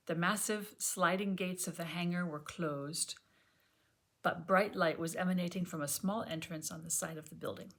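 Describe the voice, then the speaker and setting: A woman reading an audiobook chapter aloud at home, gentle and measured, sometimes dropping to a near whisper. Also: on the low side. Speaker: audiobook reader. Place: home, on a sofa.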